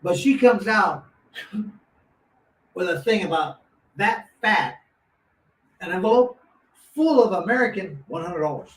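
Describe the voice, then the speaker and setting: Man guest, lively storyteller, slightly high voice, echoey room, off-mic with faint hiss. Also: slow, long pauses. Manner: animated, acts out quotes with lots of restarts. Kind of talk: casual storytelling. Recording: roomy echo, mic at a distance, faint noise.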